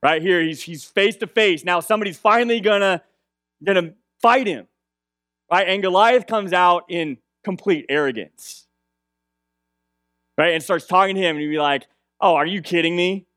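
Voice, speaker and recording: High-voiced young preacher, chatty sermon. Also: male voice, moderate pace, fairly bright tone, dry recording, clean studio sound. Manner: conversational, repeats "right?" often. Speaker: pastor.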